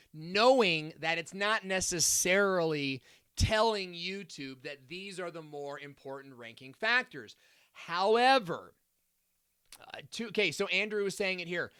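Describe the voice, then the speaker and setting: A man with a bright, clear voice hosts a live Q&A stream, reading viewer comments aloud. He talks in an upbeat, chatty way, full of fillers and playful asides. The sound is dry and close. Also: high voice, dry recording.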